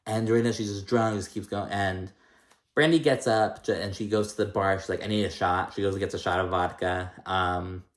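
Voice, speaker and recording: Man, lowish voice, chatty gossipy recap, lots of fillers, swears freely, echoey room. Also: steady tone, brisk. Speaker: reality TV recap vlogger. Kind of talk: casual episode recap.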